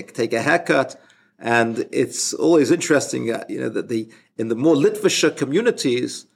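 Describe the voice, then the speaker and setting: A man giving an informal spoken religious lesson as a rabbi, halting and often restarting his sentences. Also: medium pitch, creaky. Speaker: rabbi teaching a class.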